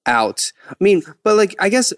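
A man hosting a podcast interview, joking and teasing while firing off quick follow-up questions. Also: high-pitched, big pitch swings, fairly bright tone, dry recording, studio quality. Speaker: podcast host.

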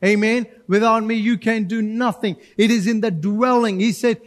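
Pastor guy preaching in church, really high voice, lively, acts out bits. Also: moderate pace, hardly any pauses. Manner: animated preaching with acted-out voices. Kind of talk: sermon.

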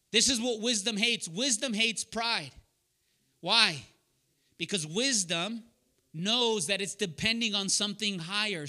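A man with a high-pitched, sharp voice preaches to a group of young adults at a Bible study. Earnest and straightforward, he recounts personal stories and addresses listeners by name with questions.

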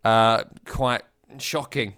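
A man hosting a football podcast, talking in an earnest, reflective way with halting restarts. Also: medium pitch, steady tone, sharp tone, smooth. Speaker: podcast host. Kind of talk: casual football podcast chat.

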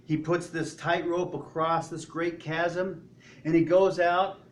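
A man's voice: fairly high pitch, level tone, slow pace, a little hiss or hum. A man preaching a sermon to his congregation in a church, in a conversational way, asking rhetorical questions. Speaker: pastor.

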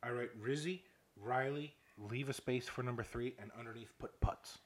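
A man's voice: medium pitch, moderate pace. A young man telling a rambling, profane story in casual chat, ranting with laughs.

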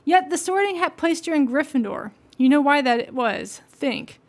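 Woman reading as a calm old wizard headmaster. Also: sits high, moderate pace. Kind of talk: audiobook-style reading aloud.

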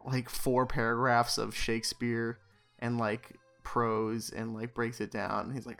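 A man talks through a movie plot on a podcast in a slow, unhurried way. He rambles with plenty of fillers. He keeps slipping in dry, sarcastic jokes. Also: mid-range voice, level tone, gravelly, a bit bright, faint music behind. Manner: rambling, filler-heavy with many "like"s; wry, sarcastic asides. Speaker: podcast co-host. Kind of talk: casual film recap chat.

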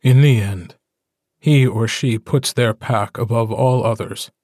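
A man voicing a gentle, steady male alpha werewolf, speaking in a soft, slow, soothing way. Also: mid-range voice, no room sound, clean studio sound. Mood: somber.

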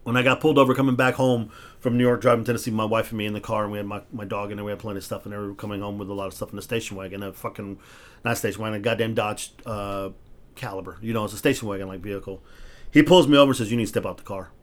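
A man's voice: lowish voice, fairly even intonation, rapid-fire. A man hosting a casual podcast, telling stories in a heated, profane way and restarting his words when he gets worked up. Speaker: podcast host.

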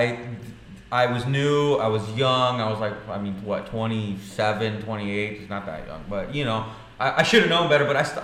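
Profane, animated man telling a story. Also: mid-range voice. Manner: animated, profane, acts out dialogue. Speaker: podcast co-host. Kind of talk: casual storytelling. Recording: echoey room with faint noise.

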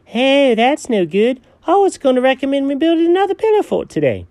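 A performer playing an excitable, chatty male buddy in an improvised audio story, talking in a playful, swooping way. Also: sits high, brisk, no room sound.

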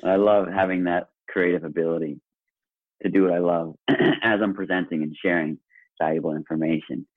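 A man's voice: low-pitched, fairly even intonation, moderate pace, husky, dry recording. A man speaking as a podcast guest in casual conversation, earnest and enthusiastic, often restarting his sentences. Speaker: guest, speaker and workshop presenter. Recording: tinny phone-like line.

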